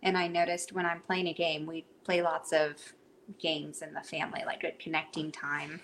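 A woman's voice: deep voice, flat delivery, normal speed, a bit bright, a little hiss or hum. A woman in her thirties chatting casually as a podcast guest, laughing often as she talks. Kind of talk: casual chat.

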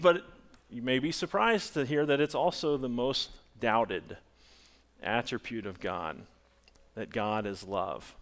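A male pastor delivering a sermon in a church, his voice swinging widely up and down as he preaches. He speaks at an unhurried pace, drawing out key phrases, then breaks into loud, excited bursts. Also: mid-range voice.

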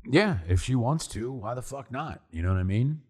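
Animated, swearing male podcast co-host. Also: medium pitch, normal speed, slightly rough. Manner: animated, profane, says "dude" and "like" a lot. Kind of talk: casual podcast banter.

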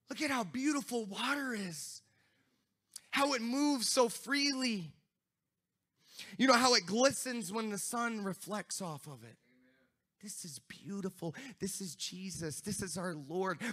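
Guy preaching, high bright voice, slow, goes from quiet to shouting praise the lord. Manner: builds from quiet reflective talk to shouted praise; laughs and exclaims often. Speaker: pastor. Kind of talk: sermon.

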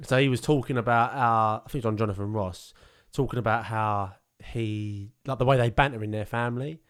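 A man's voice: medium pitch, steady tone, a little fast, fairly bright tone, clean tone. A young man from England, a podcast co-host telling rambling stories in casual chat. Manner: rambling storytelling with frequent laughs.

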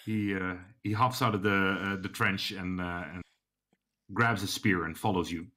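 A man's voice: deep voice, fairly even intonation, normal speed, sharp tone. A man narrating a tabletop role-playing game as game master, hesitating often with many fillers and restarts.

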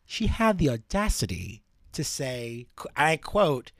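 Male podcast co-host, playful banter, very lively pitch, dry close sound. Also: unhurried, no room sound. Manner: playful, animated, jokey. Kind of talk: casual chat.

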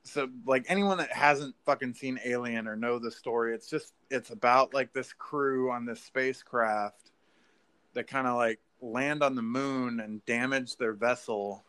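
A man in casual podcast chat, rambling excitedly through a story with lots of filler words and swearing. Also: medium pitch, measured pace, clear, resonant tone. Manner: rambling, profane, filler-heavy, says "like" and "dude".

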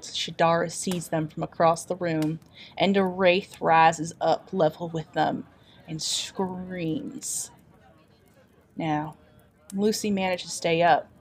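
A woman with a low, slightly rough voice, fully in character, plays a folksy traveling adventurer in an improvised tabletop role-play. As a player character storyteller she tells a dramatic tale in a homespun drawl.

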